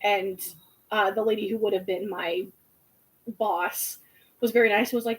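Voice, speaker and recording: A young woman in her twenties, chatting casually and telling an animated story with lots of fillers. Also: mid-range voice, moderate pace, poor audio. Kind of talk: casual chat.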